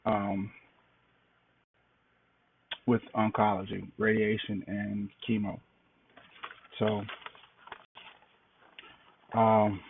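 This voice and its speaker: A tired middle-aged man giving a plain-spoken, halting update in a casual video diary. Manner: low-key, plain-spoken, halting with fillers. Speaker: cancer patient sharing an update. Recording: distant, phone-like, noisy recording.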